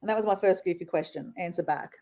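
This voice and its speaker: An Australian woman hosting a casual live chat, talking in a chatty, animated way full of fillers while she paints. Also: on the low side, quick pace. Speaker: live stream host.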